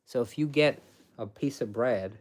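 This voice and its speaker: A darkish-toned man of medium pitch, speaking at a measured pace, once worked in a sandwich shop. Casually and emphatically, he lays out his sandwich method step by step, repeating himself and restarting often.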